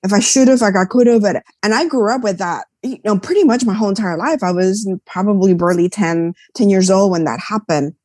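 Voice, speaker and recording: A woman's voice: medium pitch, a little fast, few pauses, no echo, clean studio sound. A woman in her fifties, a business founder and military veteran, telling personal stories emphatically as a podcast guest. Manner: emphatic, animated personal storytelling. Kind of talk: podcast interview.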